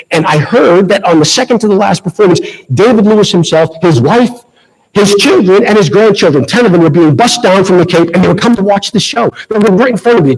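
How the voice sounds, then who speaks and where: Speaking into a handheld mic at a school ceremony, a middle-aged man from Massachusetts tells a self-deprecating anecdote with lively energy in his Boston accent. His voice is high with a breathy edge, and the recording quality is poor.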